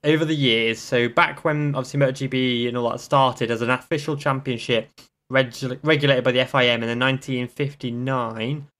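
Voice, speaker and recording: A man's voice: mid-range voice, fairly even intonation, brisk, fairly bright tone. A man hosting a casual motorsport podcast, rambling and tripping over his words. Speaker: podcast host.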